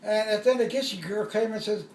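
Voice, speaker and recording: An older man tells an old war story, rambling and chuckling as he goes. His voice is very high, and it comes from some way off the mic in an echoey room. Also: fast, distant mic. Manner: rambling, chuckling, acts out shouted quotes. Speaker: veteran telling a war story. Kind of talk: casual storytelling.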